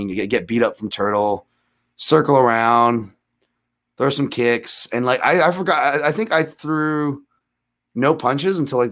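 A man in his thirties, a podcast guest telling rambling, self-deprecating fight stories with animated retellings. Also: mid-range voice. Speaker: guest, MMA analyst. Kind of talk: casual storytelling in a podcast interview.

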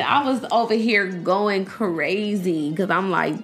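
A woman's voice: mid-range voice, unhurried, few pauses, soft background music. A young woman giving a casual, emphatic reaction to a series, blunt and profane, laughing often and jumping between points.

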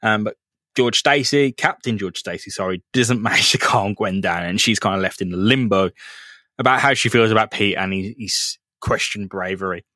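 A man's voice: fairly low pitch, normal speed, pushed and bright, no echo, clean studio sound. A man co-hosting a podcast, recapping a comic in casual, sweary chat with plenty of laughter. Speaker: podcast co-host.

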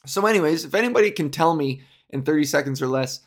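A man's voice: fairly high pitch, lively intonation, fast. A man on a comic rant, exasperated and profane, often laughing. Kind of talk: comedic rant.

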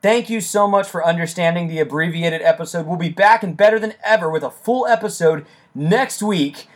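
A young man hosting a casual sports podcast, enthusiastic and excitable, speaking close into his microphone and breaking into shouts. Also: high voice, brisk, faint music behind. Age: young adult. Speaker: podcast host.

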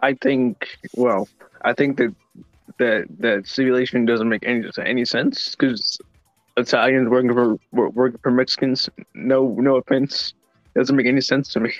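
A man's voice: medium pitch, fairly even intonation, normal speed, no room sound, faint music behind. A man co-hosting a wrestling podcast in casual chat, hesitant and stumbling over his words. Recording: dull dry podcast mic.

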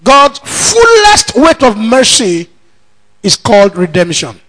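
Forceful high-voiced preacher. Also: male voice, wildly swooping pitch, slow pace, low-quality recording. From Nigeria. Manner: forceful preaching with shouted declarations. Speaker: pastor. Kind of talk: sermon. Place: church.

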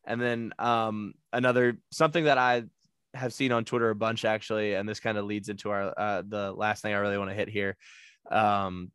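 A man's voice: lowish voice, level tone, moderate pace, a bit bright, clean tone, dry recording, clean studio sound. A man hosting a casual movie discussion podcast, laughing often, swearing, and acting out lines from the film. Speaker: podcast host.

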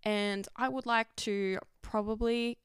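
Candid young woman, very smooth voice. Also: a little high, fairly even intonation, slow, dry recording, studio quality. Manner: frank, rambling, heavy swearing. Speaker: vlogger. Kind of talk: candid confessional monologue.

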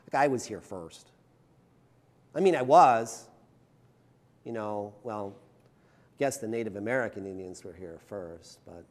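A male pastor preaching a conversational sermon, chatty and self-deprecating, often checking in with the congregation. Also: medium pitch. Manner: chatty, self-deprecating humor, frequent "right?" tags.

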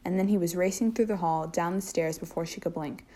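Low-voiced woman reading fiction aloud. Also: fairly quick. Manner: steady reading with occasional slips and restarts. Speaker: fanfiction reader.

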